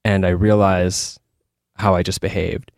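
Low-voiced man telling candid stories. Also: level tone, measured pace, dry recording, studio quality. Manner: loose, rambling, many fillers and restarts. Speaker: guest, author. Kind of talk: candid conversational storytelling.

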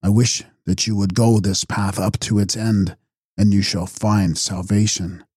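A man voicing a calm, wise young seeker who speaks quietly and kindly, without mockery. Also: on the low side, measured pace, husky, no room sound, studio quality. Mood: gentle, resolved.

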